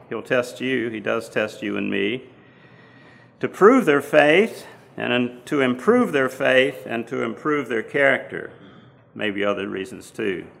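A man preaching a sermon, teaching slowly from the Bible with frequent fillers and restarts. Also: medium pitch, gravelly, a bit bright.

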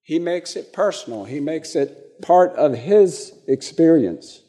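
A man preaching slowly in a mellow, warm voice. His pitch rises and falls a lot as he pauses, repeats words and puts questions to the congregation. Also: expressive. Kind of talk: interactive sermon.

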